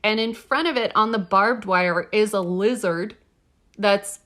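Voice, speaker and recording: Excitable bright-voiced woman. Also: mid-range voice, a little slow. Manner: excitable, gushing reactions. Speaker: podcast co-host. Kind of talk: casual podcast chat.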